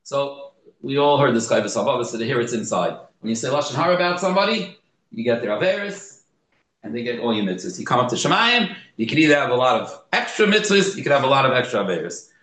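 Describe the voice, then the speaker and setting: A man teaching a study group, acting out the story's dialogue with sudden pitch jumps, restarting his sentences and translating each quoted line. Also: big pitch swings, quick pace, a bit bright, roomy sound, poor audio. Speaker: Torah class teacher.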